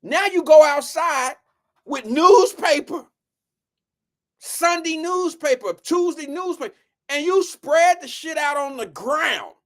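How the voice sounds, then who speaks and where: A live show host tells a profane comedic rant. The delivery is animated and swings between loud outbursts and low, quick mutters, with the audience addressed directly as "y'all.".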